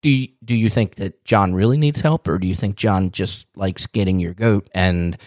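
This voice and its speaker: A man's voice: deep voice, moderate pace, darkish tone, no room sound, clean studio sound. Teasing, easygoing male podcast host. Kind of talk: casual chat.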